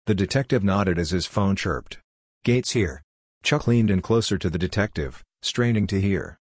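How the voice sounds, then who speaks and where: Deep husky male story narrator. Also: normal speed, a little mellow, no room sound, clean studio sound. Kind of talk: audiobook-style fiction reading.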